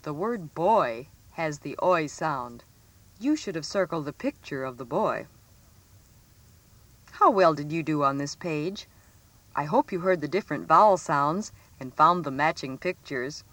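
A woman reading a scripted phonics lesson for children, stressing each example word clearly. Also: low-pitched, expressive, a bit bright. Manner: slow, clearly enunciated, sing-song emphasis on example words. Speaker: teacher.

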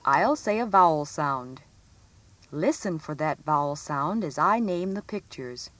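Slow, sing-song woman teaching phonics. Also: low voice, lively intonation, fairly bright tone, soft background music. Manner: slow, clearly enunciated, sing-song emphasis on example words. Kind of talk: scripted phonics lesson for children.

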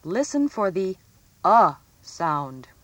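Woman teacher, deep-set voice, lively rising and falling delivery, reads a children's phonics lesson slowly and clearly. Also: no echo. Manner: slow, clearly enunciated, sing-song emphasis on example words.

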